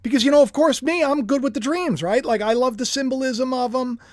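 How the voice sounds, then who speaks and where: Animated man preaching on a livestream. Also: extremely high pitch, fairly quick, no echo, studio quality. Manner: emphatic, swings from hushed to shouting. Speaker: preacher streaming live.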